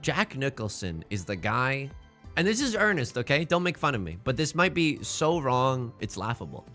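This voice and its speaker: A man's voice: medium pitch, very animated, moderate pace, bright, forceful tone, soft background music. A young man streaming a game, rambling in a goofy, jokey way as he plays. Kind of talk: casual game commentary.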